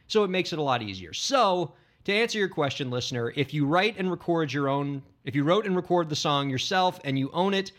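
A man's voice: on the high side, animated, a little fast, a bit bright. A man co-hosting a casual podcast, explaining things plainly and bantering with his co-host.

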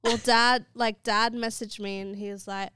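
Chatty young woman, crisp clear voice. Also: on the high side, level tone, moderate pace, sharp tone. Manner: chatty, laughs often, rambling. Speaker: podcast co-host. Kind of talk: casual chat.

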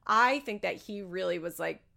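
A woman's voice: lowish voice, moderate pace, gravelly, pushed and bright. A woman chatting casually as a podcast host, opinionated and swearing freely, acting out what others said in bigger voices. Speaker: podcast host recapping a reality show. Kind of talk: casual chat.

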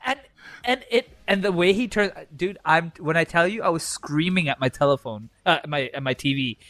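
Male co-host, higher-pitched, dry sound, excitable wrestling fan who swears freely. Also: normal speed, no room sound. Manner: excitable, acts out reactions with shouted quotes. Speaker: podcast co-host. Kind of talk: casual wrestling chat.

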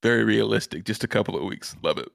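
A man's voice: lowish voice, fast talker, gravelly, no room sound, studio quality. A man co-hosting a casual anime podcast, laid-back, swearing and laughing often. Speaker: podcast co-host.

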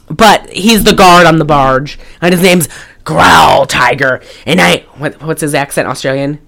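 A low-pitched woman's voice carries this casual podcast movie chat, which is animated and jokey, with some swearing and bursts of laughter. The audio is poor.

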